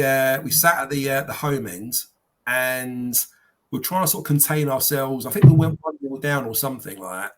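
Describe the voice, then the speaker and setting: A man telling animated football anecdotes on a podcast panel, slipping into quoted voices. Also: medium pitch. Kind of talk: casual storytelling.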